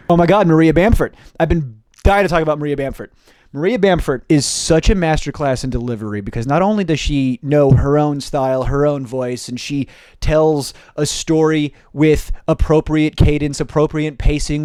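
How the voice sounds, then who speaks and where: A young male comedian talks straight to camera in a quick, lively stream, dropping curse words and sarcastic asides. His voice sits a little high for a man and sounds close and dry, with no room echo. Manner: fast, animated delivery with profane jokey asides. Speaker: stand-up comedian and video host. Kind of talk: casual comedy commentary to camera.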